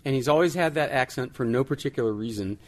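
A man's voice: mid-range voice, fast talker. A man answering interview questions in a casual, amused way, chuckling and restarting sentences. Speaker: guest, tech journalist.

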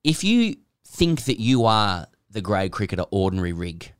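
Laughing man, low and dry. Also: sing-song, moderate pace, clean tone, no room sound. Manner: chatty, laughing storyteller who repeats himself. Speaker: podcast co-host. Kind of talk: casual chat.

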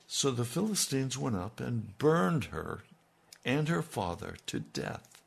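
Male preacher, gravelly and husky, folksy sermon storytelling with asides. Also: medium pitch, expressive, a little slow. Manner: folksy retelling with conversational asides.

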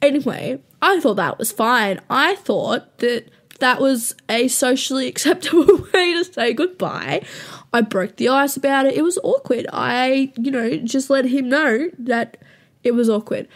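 A woman's voice: sits high, unhurried. A young woman hosting a show, telling rambling, self-mocking stories to listeners in a casual, profane way and laughing often.

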